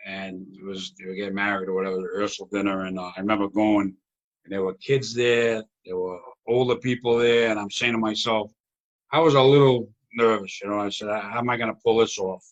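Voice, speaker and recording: A man with a Boston accent hosts a relaxed chat in a low, easygoing voice. His sound is dull and muffled, like a lo-fi call. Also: fairly quick. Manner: easygoing, agreeable, frequent fillers. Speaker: podcast host. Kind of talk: casual chat.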